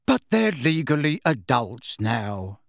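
A man voicing a weary, patient middle-aged father who speaks slowly and tiredly. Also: medium pitch, sing-song, vocal fry, no echo, studio quality, full character voice. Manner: tired, slow. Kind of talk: audiobook character voice.

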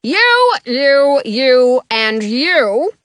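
A woman's voice: sits high, very animated, extremely slow, a bit bright, clean tone, no room sound, clean studio sound, heavily acted. A woman voicing a tall, imposing king who bellows pompous orders in a storybook reading. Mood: commanding. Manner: bellowing, bossy, grandly pompous.

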